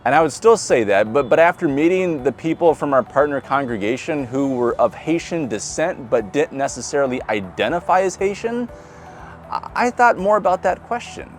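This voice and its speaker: Midwestern pastor with a lively, rising voice. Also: male voice, a little high, moderate pace, soft background music. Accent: Midwestern American. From Nebraska. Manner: conversational, asks the congregation questions, laughs lightly. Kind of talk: sermon.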